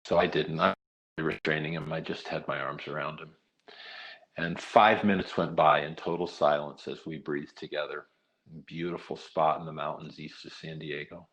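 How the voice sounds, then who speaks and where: A middle-aged man with a very low, deep voice gives an earnest talk as a nonprofit leader. He tells his story in a steady way and often drops in "uh" between phrases. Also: normal speed.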